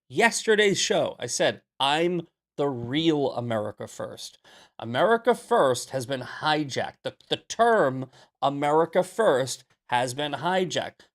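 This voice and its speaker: A man hosting a live political commentary show, talking emphatically, repeating himself and reading from the chat with sarcastic asides. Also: a little high. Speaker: livestream political show host.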